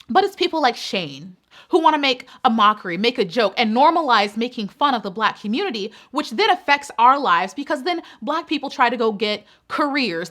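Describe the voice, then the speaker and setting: Woman, commentary host, indignant rant, high-ish, sharp bright tone. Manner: impassioned, indignant, building emphasis.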